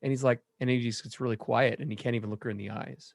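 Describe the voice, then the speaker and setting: A man's voice: medium pitch, steady tone, fast, vocal fry. A man co-hosting a podcast who works with men in recovery. He speaks in an earnest, reflective way and pokes fun at himself. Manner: earnest, reflective, self-deprecating. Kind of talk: casual conversation.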